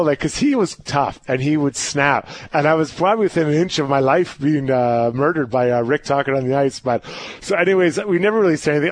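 A man's voice: medium pitch, no room sound. A middle-aged former hockey player telling stories in a casual podcast chat, acting out quotes and laughing as he goes. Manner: animated, laughing storyteller who acts out quotes.

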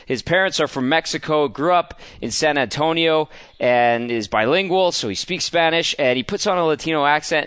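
A man recounts a sports story on a talk show with easy, chatty pacing and a few stumbles. His voice sits a little high for a man, and it is recorded close and dry with no room sound. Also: fairly bright tone, dry recording. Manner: conversational storyteller, hesitant fillers. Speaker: sports radio co-host. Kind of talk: casual storytelling on sports radio.

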